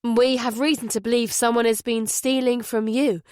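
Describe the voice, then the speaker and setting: A woman reading a male detective inspector, firm and urgent but polite. The voice sits fairly high for a man and is recorded dry and close. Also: little pitch movement, normal speed, a little mellow, dry recording, natural voice. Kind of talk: audiobook character voice.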